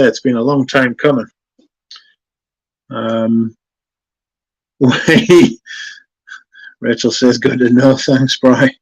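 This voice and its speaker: A man hosting a fragrance livestream, chatting casually and reading viewer comments aloud in a relaxed, chatty way. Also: mid-range voice, no echo, lo-fi sound. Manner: relaxed, chatty, yawning now and then.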